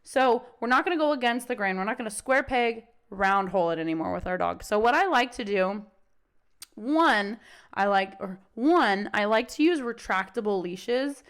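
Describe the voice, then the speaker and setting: A woman's voice: medium pitch, animated, normal speed, fairly bright tone, smooth. A young adult woman dog trainer talking casually on a podcast, swearing freely and acting out the voices of dogs and owners.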